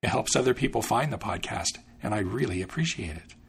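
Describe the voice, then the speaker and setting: A man narrating a fairy tale in an expressive storybook style, then hosting his podcast. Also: lowish voice, fairly quick, vocal fry.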